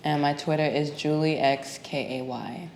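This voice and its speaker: A woman's voice: deep voice, steady tone, normal speed, darkish tone. A woman guest on a podcast, chatting casually in a slangy, laughing way. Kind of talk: casual chat. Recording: echoey room, faint noise.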